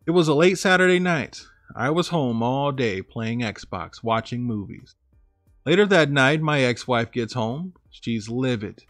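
A man's voice: medium pitch, animated, measured pace, a bit bright, no room sound. A man who hosts a story channel, reading a listener's story aloud and then commenting on it in a casual, emphatic way. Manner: casual, emphatic, reacts with disbelief. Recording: dry close mic with faint background music.

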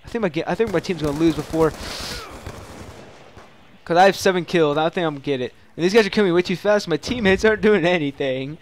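Young man, gameplay commentary, excitable, fairly high voice, faint noise and gunfire behind. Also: quick pace. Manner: excitable, bursts into loud yelps and dramatic taunts. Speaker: gaming channel host.

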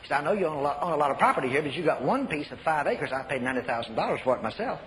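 An older man preaching a sermon, telling folksy stories and shouting commands. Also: a little high, animated, rapid-fire. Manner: folksy storytelling, shouts commands, repeats phrases. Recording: echoey hall, faint noise.

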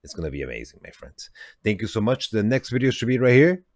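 Excitable man, low voice, dry sound. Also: fast talker, no room sound. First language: Spanish. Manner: excitable, repeats himself, laughs often. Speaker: reaction video host. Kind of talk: casual reaction commentary.

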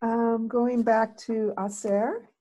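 A woman's voice: a little high, level tone, slow pace, warm tone. A woman student hesitantly asking her teacher a question in an online class. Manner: hesitant, many fillers.

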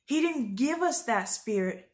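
A woman with a somewhat high voice gives an informal, earnest sermon straight to her viewers. She sounds urgent and rambles a little, circling back with fillers and restarts. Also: animated, a little slow. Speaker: Christian video preacher.

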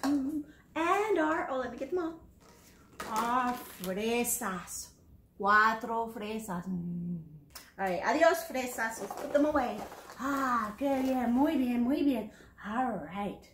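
A woman's voice: fairly high pitch, slow pace, echoey room, slight background noise. A woman teaching Spanish to preschoolers in a sing-song, encouraging teacher voice. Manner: animated, exaggerated teacherly encouragement. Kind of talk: sing-song lesson for young children.

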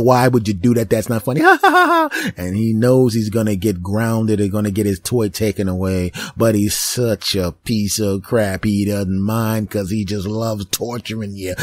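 A man with a somewhat low voice delivering a comedic monologue as a podcast host. He tells his story as an animated, ranting storyteller. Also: no room sound.

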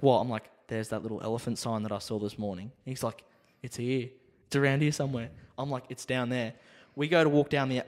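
A man, casually telling a rowdy story on a podcast, acting out the other people in it. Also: medium pitch. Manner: animated, acts out the other people in his stories. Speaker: podcast co-host. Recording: reverberant room.

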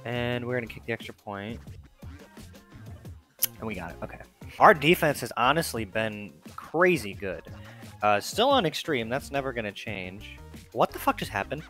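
Excitable young man calling his own game. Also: mid-range voice, moderate pace, long pauses, soft background music. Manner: excitable, swearing, sarcastic play-by-play. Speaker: gaming video host. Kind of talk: let's-play commentary.

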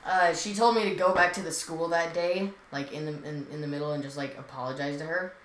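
Rambling teen girl, bright voice, echoey room. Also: low voice, fairly even intonation, brisk. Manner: rambling, full of fillers and silly asides. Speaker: podcast co-host. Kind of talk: casual chat. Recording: echoey room with faint noise.

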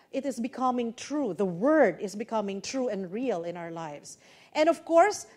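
A woman pastor with a Filipino Cebuano accent delivers an emphatic sermon in a fairly high voice. She rises into loud, stressed phrases and then drops to quiet endings, moving between English and Cebuano. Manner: emphatic preaching with sudden swells and drops in loudness, mixing English with Cebuano.

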